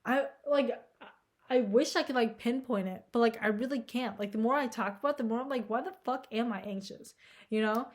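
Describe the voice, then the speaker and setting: This young woman's voice is on the high side and brisk as she vlogs. Her talk is a casual, rambling stream of anxious self-deprecation, thick with "like" and swearing.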